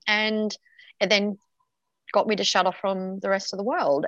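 Frank, gravelly-voiced woman telling her story. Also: medium pitch, a bit bright, dry recording, muffled recording. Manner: frank, swears freely, many fillers and restarts. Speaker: podcast guest. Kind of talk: candid personal storytelling.

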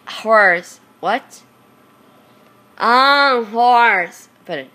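A hoarse woman with a Brazilian Portuguese accent, a native Portuguese speaker, chatting casually to her viewers and searching for words in English. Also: fairly high pitch, expressive, drawn-out words, sharp tone. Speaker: vlogger.

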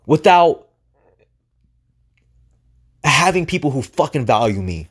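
A man's voice: fairly high pitch, big pitch swings, slow pace, slightly rough. A man hosting a podcast, delivering a motivational monologue full of swearing and rhetorical questions. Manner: profane, emphatic, rhetorical questions. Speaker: podcast host.

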